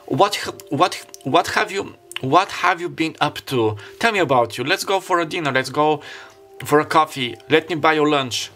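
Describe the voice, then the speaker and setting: A man acting out an excited man running into a childhood friend, gushing and eager to catch up. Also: a little high, moderate pace, voice pushed up.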